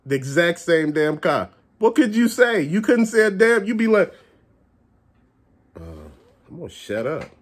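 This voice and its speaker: Man, casual profane rant, blunt, lively pitch, slightly raised voice, husky. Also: a little slow, long pauses. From Chicago area. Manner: animated, blunt, curses often. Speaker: vlogger ranting about stores.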